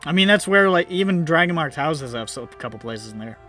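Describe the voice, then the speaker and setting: Male player, bright tone, talkative explainer, light music underneath. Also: a little high, lively intonation, a little fast. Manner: explains things at length, jokey. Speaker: tabletop game player. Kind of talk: casual chat at the gaming table.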